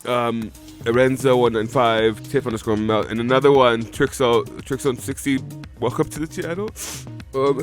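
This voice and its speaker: A man's voice: medium pitch, steady tone, moderate pace, soft background music. A man streaming live, emotional and teary from crying, rambling as he reads out follower names. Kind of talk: live watch-along reaction stream.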